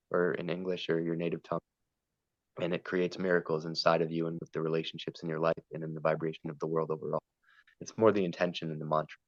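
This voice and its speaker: On a podcast, a male guest speaks earnestly and at length in a spiritual conversation, meandering between ideas and stories. His voice sits low, with no echo, and the recording is muffled.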